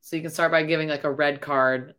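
A woman's voice: sits low, fairly even intonation, a little fast, a bit bright, clear, resonant tone. A woman hosting a casual podcast interview, explaining a game segment in a plain, friendly way. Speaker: podcast host.

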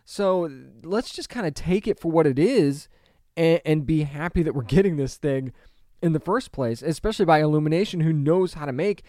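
With a slightly high, expressive, warm voice at a moderate pace, a movie commentator talks to camera online, casual but emphatic. Since he grew up with a 1990s animated series, he's likely in his thirties or forties; he asks rhetorical questions and restarts sentences while reasoning out his view. The sound is clean studio audio with no room sound.

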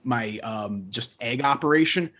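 A man's voice: mid-range voice, unhurried, a bit bright. Man explaining his farm business. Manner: thoughtful, explanatory, with restarts. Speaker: guest farmer. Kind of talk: interview answers.

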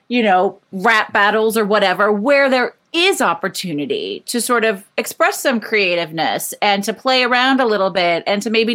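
Female co-host, lively swooping voice, curious interviewer. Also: medium pitch. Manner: friendly, curious, asks follow-up questions. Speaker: podcast co-host. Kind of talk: casual interview chat.

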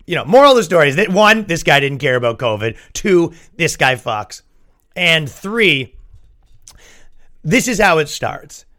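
Bright, animated man telling stories. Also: a little high, unhurried. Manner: animated, exasperated ranting. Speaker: podcast host. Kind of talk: comedic storytelling.

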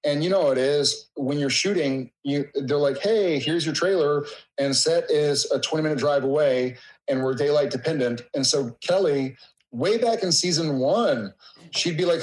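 Emotional man telling a halting story. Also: fairly high pitch, rough recording. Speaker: guest. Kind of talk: casual conversation.

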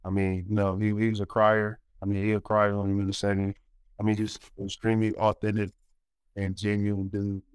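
A man's voice: on the low side, normal speed, clear, resonant tone, no echo. A man in his forties, a former college basketball player, telling stories in a casual interview with lots of fillers and acted-out quotes. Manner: animated storyteller, many fillers, acts out quotes.

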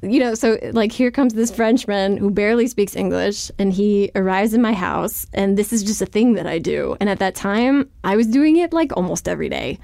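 A woman's voice: medium pitch, expressive, moderate pace, creaky, hardly any pauses, warm tone, no echo, studio quality. A woman author speaking as an interview guest, chatty and candid, scattering "like" through her sentences with a wry, self-deprecating humor.

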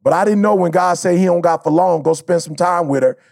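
A man's voice: sits high, a little fast, gravelly, a little mellow, no room sound, studio quality. A man co-hosting a podcast, talking in a casual, heartfelt way. He is emphatic and slangy and repeats his points. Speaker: podcast co-host.

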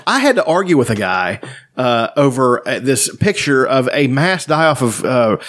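A man's voice: mid-range voice, big pitch swings, normal speed, fairly bright tone. A man in casual podcast chat who rants bluntly and swears a lot.

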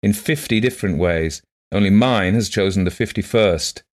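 A man's voice: fairly low pitch, normal speed, voice pushed up, lightly acted. A man reading the lines of a courteous, lightly wry English motorist in a story.

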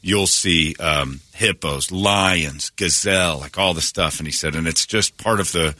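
A man's voice: deep voice, unhurried, bright, forceful tone, no echo, clean studio sound. A man hosting a morning radio show, animatedly retelling a story with quoted voices and many restarts. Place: radio studio. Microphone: studio microphone.

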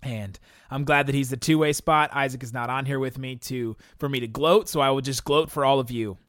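Young male podcast host, casual and rambling, laughs a lot, mid-pitched, dry close-mic sound. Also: fairly even intonation, brisk, fairly bright tone, no room sound. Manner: rambling, laughs often, frequent restarts and fillers. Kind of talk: casual podcast chat answering listener questions.

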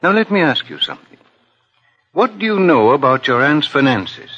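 An actor playing a calm, persistent detective asking measured questions in a 1950s radio drama. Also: male voice, a little high, a little hiss or hum. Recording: lo-fi old radio broadcast.

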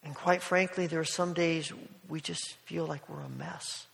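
A man preaching a sermon, telling a story in a gentle, conversational way with soft asides. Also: on the high side, fairly even intonation, moderate pace, vocal fry. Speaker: pastor. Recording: long hall reverb.

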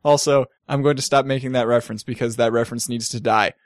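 Young male co-host, mid-pitched, dry close sound, wry casual news reading. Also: steady tone, fast talker, dry recording. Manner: wry, laughs easily, reads news items. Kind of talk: casual gaming news chat.

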